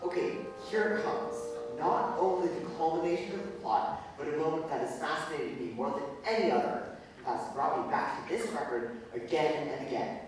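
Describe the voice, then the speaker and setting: An actor playing a wistful, rambling musical fan who confides in the audience, recorded live on stage. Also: male voice, fairly high pitch, lively intonation, moderate pace, over music, close to an everyday voice. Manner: confiding, rambling, self-deprecating. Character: wistful middle-aged man, record-loving musical fan. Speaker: narrator speaking to the audience. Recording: echoey theatre hall from far off, faint hiss.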